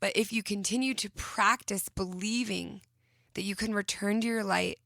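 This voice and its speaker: A woman in her thirties hosting a self-help podcast, talking gently and encouragingly as she guides listeners through a visualization. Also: mid-range voice, steady tone, gravelly, no echo, studio quality. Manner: gentle, encouraging, slowing into soft whispered visualizations. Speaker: podcast host.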